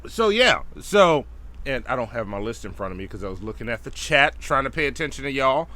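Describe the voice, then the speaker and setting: A man's voice: medium pitch, big pitch swings, fairly quick, sharp tone. A man co-hosting a casual livestream talk show, joking loosely and laughing often. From New Orleans, Louisiana. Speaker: podcast co-host.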